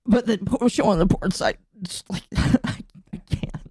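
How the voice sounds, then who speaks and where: A woman's voice: mid-range voice, unhurried, darkish tone, slightly rough, no echo. Giggly coughing woman streamer, dry sound. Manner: giggly, rambling, talks to chat. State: coughing, throat catching. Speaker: streamer reacting to a video. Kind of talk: casual live-stream chat. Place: home streaming setup.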